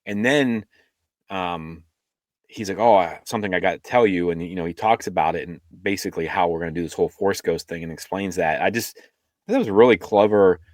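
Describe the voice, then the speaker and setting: Deep voiced guy, podcast cohost, rambly, lots of ums, dry close sound. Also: a little fast, dry recording. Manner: rambling, many fillers and restarts. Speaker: podcast co-host. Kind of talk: casual chat.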